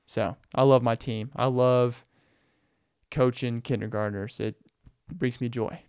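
A young man hosting a podcast, telling rambling, animated stories in a casual monologue and laughing often. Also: medium pitch, unhurried, clean tone, no echo, studio quality. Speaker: podcast host.

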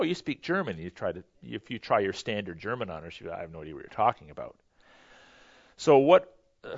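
A man teaching a history lesson in a loose, conversational way, pausing with fillers and correcting himself as he goes. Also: medium pitch, a bit bright, dry recording, highs cut off. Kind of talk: history lecture to a class.

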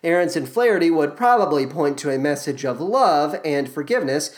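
A woman's voice: deep voice, animated, fairly quick. Dry, sardonic woman podcast host. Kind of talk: podcast commentary on a musical.

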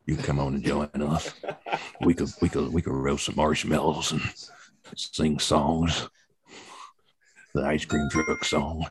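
A man's voice: extremely low pitch, little pitch movement, unhurried, pauses often, a crowd in the background. A man improvising rambling comic rants in a game-show style bit. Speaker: comedy panelist.

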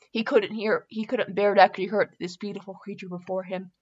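A woman's voice: medium pitch, little pitch movement, a little fast, few pauses, a little mellow, muffled recording. Giggly woman host reading fan fiction. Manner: giggly, self-mocking asides between reading. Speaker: podcast host.

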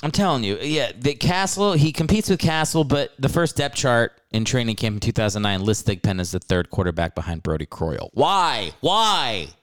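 A podcast host with a medium-pitched voice rants about sports in a casual, comedic way, talking fairly quickly with few pauses. He swears freely and laughs often.

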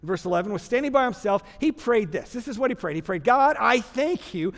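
A pastor from Texas with a Texan accent, preaching a sermon with animated, humorous storytelling. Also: male voice, sits high, quick pace. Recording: long hall reverb.

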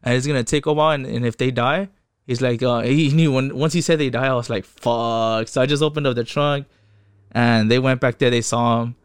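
A man's voice: mid-range voice, fairly even intonation, fast talker, clean tone, no room sound, clean studio sound. A young man telling his own story in casual talk, profane and rambling, acting out what others said. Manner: profane, quotes people in voices, rambling restarts.

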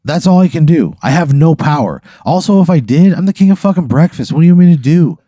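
A man answering a silly hypothetical in crass, exasperated banter, swearing freely. His pitch swings widely and his tone is mellow. The recording is dry and close. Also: animated, fast, no echo. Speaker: podcast co-host, answering the hypothetical. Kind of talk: casual comedic banter.

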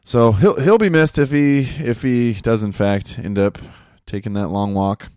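A man hosting a casual monologue, rambling and crude, joking and laughing at his own jokes, jumping high in pitch when he gets worked up. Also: unhurried, darkish tone, no echo, clean studio sound.

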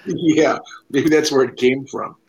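A man's voice: medium pitch, steady tone, measured pace, gravelly, a little mellow, low-quality recording. A man co-hosting a casual podcast chat in a laid-back, wry way. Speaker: podcast co-host.

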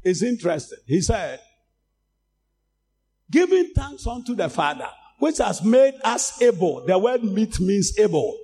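A Ghanaian man preaching a sermon in a high, husky voice with a gravelly edge. His pitch swings widely as he moves from calm teaching into loud, shouted exhortation. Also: measured pace. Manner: switches between English and Twi, rising to shouts.

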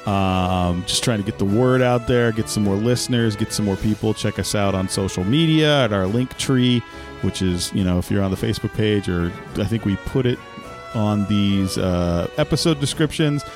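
A man's voice: lowish voice, normal speed, over music. A man co-hosting a podcast in casual chat, rambling and restarting as he tells a story. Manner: rambling, self-interrupting storyteller. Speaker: podcast co-host.

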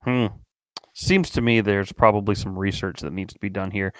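Male podcast co-host, wry joker, mid-pitched voice, dry sound. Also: fairly even intonation, normal speed, no echo. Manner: wry, joking banter. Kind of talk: casual chat.

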